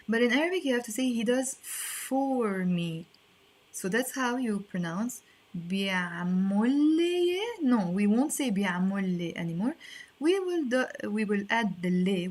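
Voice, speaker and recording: A woman teaching an online lesson, explaining patiently and repeating phrases slowly. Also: medium pitch. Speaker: language teacher.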